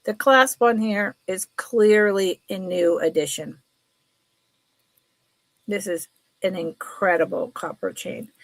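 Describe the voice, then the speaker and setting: Woman, middle-aged, chatty live-sale seller, slow-paced, dry close sound. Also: medium pitch, no room sound. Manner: chatty, animated storytelling. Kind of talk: casual live-sale chat.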